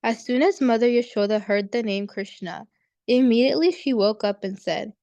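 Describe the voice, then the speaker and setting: A woman reads a devotional story aloud in a steady, earnest way. Her voice is slightly high, recorded dry and close. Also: normal speed, no echo. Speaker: reader in a devotional group.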